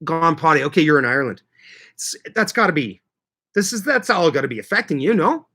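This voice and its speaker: A man from Manitoba hosting a casual livestream, greeting viewers by name and chatting in a lively, laughing way. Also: a little high, a little fast. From Canada (Manitoba). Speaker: livestream host reading chat.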